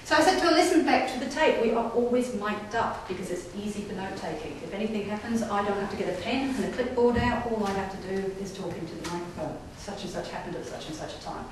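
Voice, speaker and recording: A woman's voice: mid-range voice, quick pace, hardly any pauses, far from the mic. A woman, a paranormal investigator giving a chatty talk to an audience, often checking in and laughing. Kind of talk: casual storytelling talk to an audience. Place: display day inside an old gaol. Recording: echoey room heard from afar, faint hiss.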